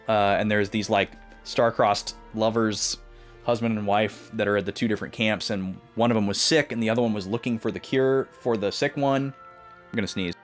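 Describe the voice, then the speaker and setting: A man's voice: on the low side, fairly even intonation, moderate pace, soft background music. A man streaming a video game, casually recapping last week's progress with many filler sounds and restarts. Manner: rambling with many filler uhs. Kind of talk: casual let's-play recap.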